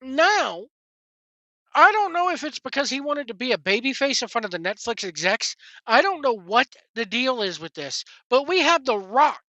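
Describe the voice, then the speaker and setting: A woman rants in a casual, rambling way on a wrestling podcast, stumbling over and repeating words as her exasperation builds. Her voice is bright and forceful, pitched a little high. The recording is dry and slightly muffled. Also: very animated, normal speed, no room sound. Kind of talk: casual opinion rant.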